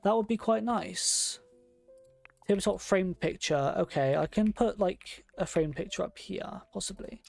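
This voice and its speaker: Soft game music plays beneath a streamer's casual gameplay commentary as they place furniture and reason aloud through every choice for the audience. Their voice is medium-pitched, a little slow, and carries a noticeable gravelly fry.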